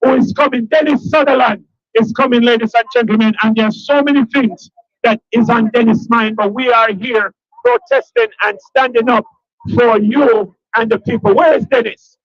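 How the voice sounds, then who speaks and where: High-voiced Jamaican man rallying a crowd. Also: normal speed, vocal fry, highs cut off. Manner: rallying, repetitive, hypes the crowd. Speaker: livestream host at a protest. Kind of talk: live street announcing. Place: outdoors at a crowded street protest.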